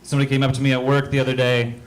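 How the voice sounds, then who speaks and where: A man performing a stand-up comedy set on a club stage into a handheld mic, telling stories deadpan and acting out the voices of the people in them. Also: medium pitch, rapid-fire. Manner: deadpan storytelling with acted-out voices.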